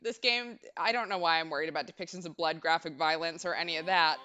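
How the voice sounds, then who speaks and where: A woman's voice: sits low, fast talker, pushed and bright, clean tone. A young woman streamer chatting casually and nervously while playing a game, babbling with lots of fillers. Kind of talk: casual let's-play chat. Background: game music.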